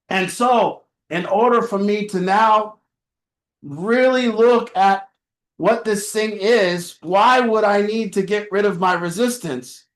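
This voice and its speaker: A man with a high voice gives a motivational talk to a support group, driving his points home with repeated rhetorical questions. His words ring out in an echoey meeting room. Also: a bit bright. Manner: earnest, repetitive preaching cadence with rhetorical questions. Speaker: addiction family support group leader.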